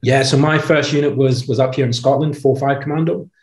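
A man, a former marine and podcast guest, telling stories in a chatty, relaxed way with frequent repeats and "you know"s. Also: mid-range voice, a little fast, roomy sound. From United Kingdom. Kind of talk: relaxed interview storytelling.

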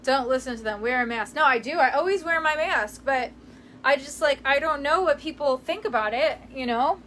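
At a normal speed and with a slightly bright, high voice, the vlogger chats with her viewers and reads their live comments. She giggles and meanders while going through old clothes in her parents' home, with a little background noise.

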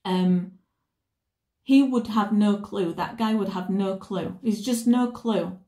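A woman talks through a tarot reading in a loose, rambling way, stopping and restarting her sentences. Her voice is mellow and warm rather than bright. The room gives her voice a noticeable echo. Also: mid-range voice, slow pace. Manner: rambling, self-correcting storytelling. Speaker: tarot reader. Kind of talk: casual tarot reading chat. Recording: roomy echo.

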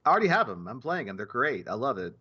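A man of middle pitch chatting loosely on a podcast, circling back and restarting his sentences as he goes. The sound is dull and lo-fi, with the top end rolled off. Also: big pitch swings, quick pace, bright, forceful tone, breathy edge. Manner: rambling, with many restarts and repeated words. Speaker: podcast co-host. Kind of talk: casual podcast chat.

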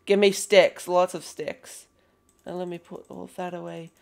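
A young woman chatting excitedly through a gameplay session, calling out playful greetings to characters in the game. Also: lowish voice, unhurried, vocal fry. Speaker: gaming video host. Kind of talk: casual gameplay commentary.

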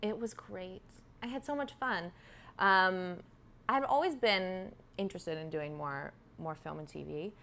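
A woman's voice: on the low side, unhurried, very noisy. A woman, a stage-trained actress, chatting in an interview in a bubbly, enthusiastic way. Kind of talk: casual interview chat.

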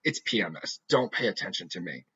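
A man's voice: low voice, expressive, fairly quick, fairly bright tone, breathy edge, dry recording, heavily acted. A man voicing an upset, dramatic teenage girl who complains emphatically. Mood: apologetic. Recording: dull lo-fi recording.

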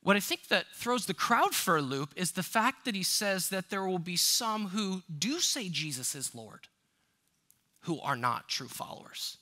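Bright, high-voiced preaching man. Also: very animated, a little slow. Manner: emphatic, conversational preaching with rhetorical questions. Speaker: pastor. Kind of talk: sermon. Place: church sanctuary.

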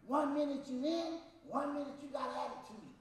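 A middle-aged man preaching a sermon in a church, joking with the congregation and shouting to drive points home. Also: extremely high pitch, moderate pace. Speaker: pastor. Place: church sanctuary. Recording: echoey church hall, mic at a distance.

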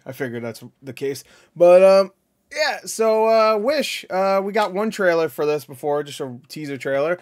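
A man's voice: high-pitched, big pitch swings, normal speed. A man hosting a casual movie reaction, rambling and hesitant, often correcting himself mid-sentence.

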